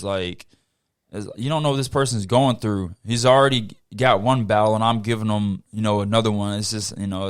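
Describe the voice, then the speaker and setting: A man hosting a podcast, telling a story in a casual, animated way and swearing freely. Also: fairly low pitch. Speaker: podcast host.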